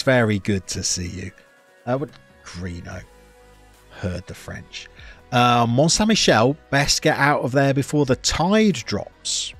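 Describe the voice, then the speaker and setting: Brief: streamer, mid-pitched, chatty, talks through game play over faint background music. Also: male voice. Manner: chatty, reacts loudly to play, greets chat. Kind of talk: live game commentary.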